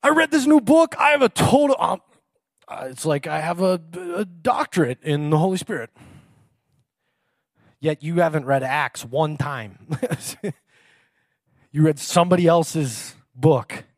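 A man's voice: fairly high pitch, animated, unhurried, pauses often, no echo, studio quality. A man preaching a casual sermon in a chatty, self-mocking way, laughing often.

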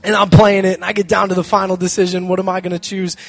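A young man speaking to a live audience, telling a lively story with self-mocking humor and acting out both sides of the conversation. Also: high voice, quick pace, gravelly, dry recording, soft background music. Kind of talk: animated storytelling talk.

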